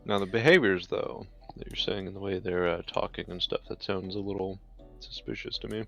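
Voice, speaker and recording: A man playing at a tabletop game, his voice on the low side. He muses casually and laughs as he goes. Soft music plays behind. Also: steady tone, fairly quick, vocal fry, highs cut off. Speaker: player.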